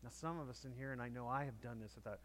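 A man's voice: mid-range voice, fast, a bit bright, a little hiss or hum. A man preaching a conversational sermon to a congregation, telling stories and acting out quotes. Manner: conversational storytelling, acts out quotes. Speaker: pastor.

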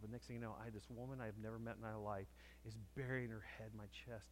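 A man's voice: lowish voice, flat delivery, a little fast, a little hiss or hum. A man preaching a conversational sermon to a congregation, telling stories and acting out quotes. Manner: conversational storytelling, acts out quotes. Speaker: pastor.

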